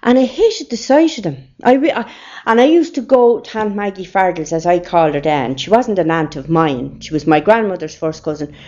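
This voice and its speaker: Her voice fairly low, mellow, and animated, an older Irish woman talks at a fairly quick clip. She spins rambling, anecdotal family stories for an oral history interview captured on a dull lo-fi recording.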